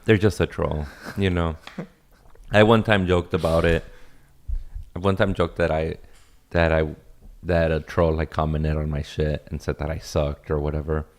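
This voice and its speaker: A man's voice: rumbling low, little pitch movement, moderate pace. A man from Los Angeles, a comedian guest in a casual podcast chat, laid-back, cursing freely and laughing often.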